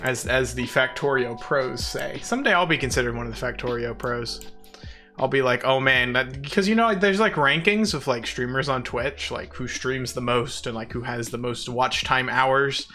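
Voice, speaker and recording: A man's voice: medium pitch, normal speed, bright, forceful tone, soft background music. A man chatting casually with viewers on a live stream, playful and giggly, poking fun at himself. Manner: self-deprecating.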